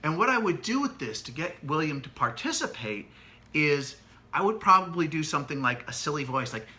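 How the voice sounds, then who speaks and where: A middle-aged man co-hosting a casual parenting chat, animated and demonstrative as he explains. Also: a little high, fairly quick, slight background noise. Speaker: co-host, parent.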